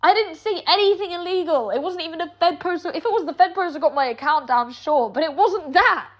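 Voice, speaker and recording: A young woman with a British accent rants in a heated, sarcastic way and swears constantly. Her voice sits high. The recording sounds dull and lo-fi. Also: a little fast. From Britain. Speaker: online personality. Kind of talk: angry streamed rant.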